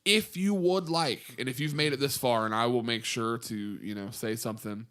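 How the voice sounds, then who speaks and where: A man's voice: medium pitch, fairly quick, a bit bright, clear, resonant tone. A young man co-hosting a casual podcast, rambling with restarts and fillers, and joking at his own slips. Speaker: podcast co-host.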